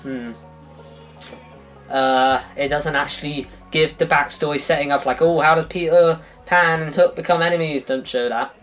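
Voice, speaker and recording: A man's voice: on the high side, steady tone, normal speed, a bit bright, soft background music. A man reviewing films in a casual, rambling way, often sighing, restarting his sentences and adding sarcastic asides. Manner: rambling, self-interrupting, sighs, sarcastic asides. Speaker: film reviewer.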